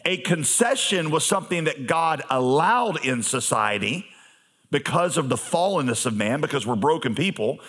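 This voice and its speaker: A male pastor preaching a sermon in a conversational manner, with humorous asides and emphatic pauses. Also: medium pitch, a bit bright.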